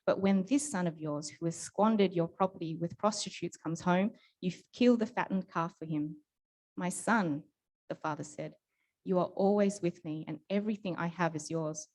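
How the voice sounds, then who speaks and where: Lady reading the bible out loud in church, steady, slightly low voice. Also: moderate pace. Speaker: scripture reader.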